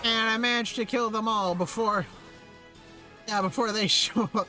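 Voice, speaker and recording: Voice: medium pitch, steady tone, moderate pace, pushed and bright. A streamer chatting casually while playing a game, reacting aloud to what happens. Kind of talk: casual live-stream commentary. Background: faint background music.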